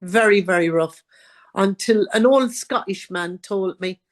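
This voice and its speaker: A woman's voice: mid-range voice, measured pace. An Irish woman, a guest author, telling her own life story in an interview and acting out what others said. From Ireland.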